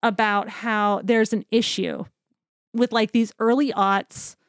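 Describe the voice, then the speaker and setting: A woman co-hosting a podcast, chatting casually and gushing enthusiastically with quick asides. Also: medium pitch, fairly even intonation, clean tone, no room sound, clean studio sound. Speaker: podcast co-host. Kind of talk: casual chat.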